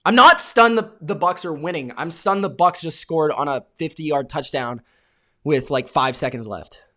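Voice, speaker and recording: A young American man hosting a live reaction stream of a football game, calling plays and yelling at big moments while talking to his chat. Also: on the high side, normal speed. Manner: excitable, yells at big plays, talks to chat viewers.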